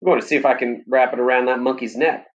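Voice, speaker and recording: A man reading aloud, voicing a gruff, stubborn old grandfather with a drawling manner. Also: medium pitch, steady tone, fast talker, highs cut off, lightly acted.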